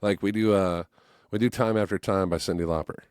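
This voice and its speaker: A man's voice: on the low side, fairly even intonation, a little fast, a little mellow, smooth, no room sound, studio quality. A man in his forties, a musician guest on a podcast, telling stories casually, acting out voices and swearing freely. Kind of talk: casual storytelling chat.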